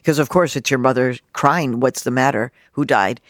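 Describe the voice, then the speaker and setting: Animated woman journalist telling a story. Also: a bass voice, moderate pace, dry recording, clean studio sound. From Mexico. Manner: animated, expressive, acts out quotes. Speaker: journalist and guest. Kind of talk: personal storytelling in an interview.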